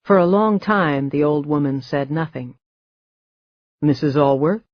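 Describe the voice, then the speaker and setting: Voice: mid-range voice, normal speed, dry recording, highs cut off. Dry, wry audiobook narrator. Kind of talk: scripted narration.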